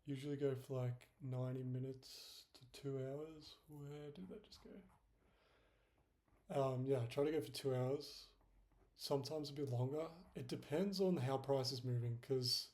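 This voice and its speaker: Young guy going over his trading charts, mellow low-key voice, rambles with lots of ums. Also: fairly even intonation, moderate pace. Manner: rambling, filler-heavy, self-deprecating. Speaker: trading vlogger. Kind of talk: casual screen-share commentary.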